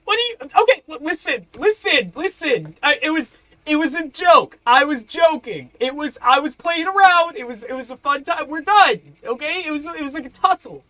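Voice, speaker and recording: A woman voicing a cowardly male wizard who squeals and pleads in a high, strained voice, in a tabletop game. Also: expressive, normal speed, bright, forceful tone, distant mic. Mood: pleading. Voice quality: shrill, squealing. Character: panicky cowardly male wizard, shrill and whiny.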